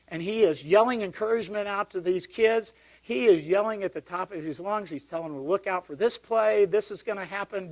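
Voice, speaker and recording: Middle-aged male deacon, personal testimony at a parish talk, fairly high voice, animated storyteller. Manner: storytelling, animated when recounting yelling. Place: parish hall.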